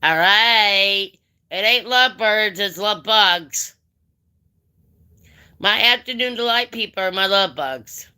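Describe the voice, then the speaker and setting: A woman's voice: mid-range voice, animated, a little slow, sharp tone, clean tone. A woman hosting a casual craft chat livestream, talking in a folksy, affectionate way straight to her viewers. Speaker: live-stream craft chat host.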